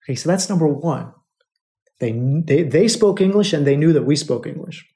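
A man's voice: a little high, lively intonation, moderate pace, dark tone. A man hosting a podcast, telling a personal story to his listeners in an emotional, repetitive way and calling them brothers. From United States. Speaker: podcast host.

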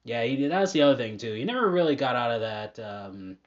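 A man hosting a podcast, talking casually in a halting way with many fillers and restarts. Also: mid-range voice, sing-song. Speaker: podcast host. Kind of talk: casual monologue. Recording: dull lo-fi audio.

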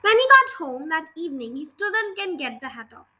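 A woman narrating a children's storybook chapter in an expressive, lively read-aloud. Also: sits high, brisk, poor audio. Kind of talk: storybook reading.

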